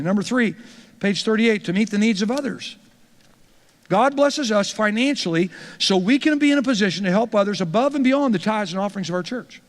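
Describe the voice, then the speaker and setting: A male pastor with a high voice talks to church leaders in a loose, storytelling way, stumbling over repeated words as he starts a point. His voice rings with long reverb from a large church hall. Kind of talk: teaching talk to church leaders.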